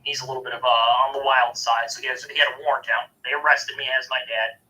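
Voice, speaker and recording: A man's voice: medium pitch, little pitch movement, quick pace, sharp tone, a little hiss or hum, low-quality recording. A man with a St. telling a story in a casual podcast chat, blunt and matter-of-fact with some swearing. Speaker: podcast co-host.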